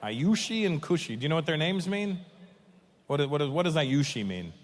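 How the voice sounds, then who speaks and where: A man chatting with someone in the audience in a wry, low-key way. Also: big pitch swings, normal speed. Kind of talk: crowd work. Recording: hall reverb with faint noise.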